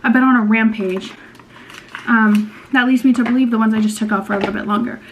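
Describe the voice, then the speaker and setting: A woman's voice: a little high, steady tone, fast talker, a little hiss or hum. Rambling chatty young woman vlogger. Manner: rambling, indecisive, filler-heavy. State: out of breath. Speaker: beauty vlogger. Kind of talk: casual chatty vlog to camera. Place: at home, indoors. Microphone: camera mic, later phone on a tripod.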